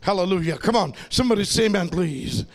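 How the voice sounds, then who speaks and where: Male preacher, very high pitch, fervent and repetitive, shouts often, calls to the congregation. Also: animated, fast talker. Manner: impassioned preaching that swings into shouting; repeats phrases and calls out to the congregation. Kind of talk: sermon.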